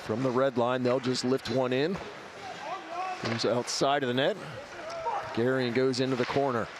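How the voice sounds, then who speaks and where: A man giving brisk, clipped play-by-play commentary on a live hockey game. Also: mid-range voice, little pitch movement, noisy background.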